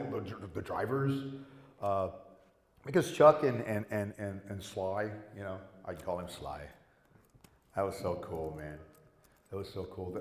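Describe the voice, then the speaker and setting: A middle-aged man tells stories on a convention panel, swearing freely and slipping into the voices of the people he quotes. His pitch swings widely as he talks. The sound rings around a large hall with a long, lingering reverb. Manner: animated, profane, acts out quoted voices. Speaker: guest actor on a convention panel. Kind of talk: anecdotal panel storytelling.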